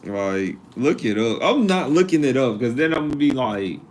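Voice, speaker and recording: A man's voice: medium pitch, sing-song, brisk, hardly any pauses, a little mellow, a little hiss or hum. A man in his twenties hosting a casual live stream, chatting and joking as he reads comments and looks up college costs. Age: 20s. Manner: chatty, joking, talks to chat readers.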